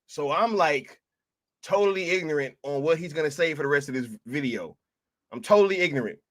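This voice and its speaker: A man's voice: a little high, animated, a little fast. Laughing man reacting on a stream. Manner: breaks into loud laughter, slangy and profane.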